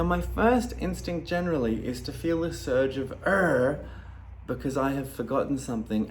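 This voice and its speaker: A man in a casual talk to camera, calmly explaining, with his voice jumping loud and high when he acts out his own replies. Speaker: video creator talking about ADHD.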